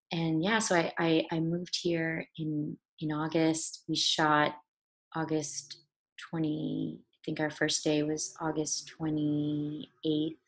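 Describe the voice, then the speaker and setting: Young woman guest, low husky voice, halting and tearful, restarts often. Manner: halting, with many restarts and fillers. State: tearful, voice breaking. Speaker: actor guest. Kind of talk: personal storytelling in an interview.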